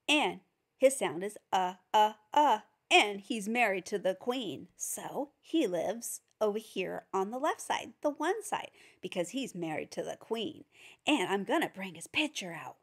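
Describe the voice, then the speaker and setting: A woman giving a phonics lesson for teachers and parents, patiently sounding out each letter. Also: medium pitch. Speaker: reading teacher.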